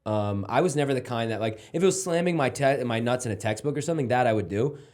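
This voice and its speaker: A man's voice: mid-range voice, fast. A young man, a comedian guest telling profane stories in casual podcast banter and laughing as he goes. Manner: animated, profane, laughs through his stories.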